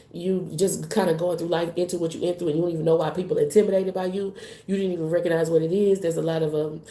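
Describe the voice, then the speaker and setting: A woman reading tarot cards live, talking in a loose, slangy, rambling flow. Her voice sits a little low and sounds warm and mellow. The sound carries a roomy echo. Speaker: tarot reader.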